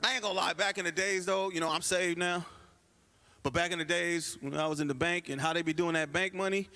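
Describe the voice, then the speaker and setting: A man's voice: high voice, brisk. A man doing a stand-up comedy set at a church comedy night, telling stories and acting out the people in them. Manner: animated storytelling, acts out quoted people.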